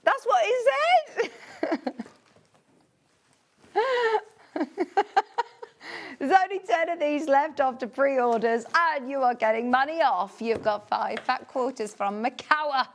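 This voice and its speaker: A woman's voice: moderate pace, few pauses. A woman presenting fabric on a live shopping channel, chatty and gushing with delight. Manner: chatty and gushing, swoops high with excitement. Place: TV studio.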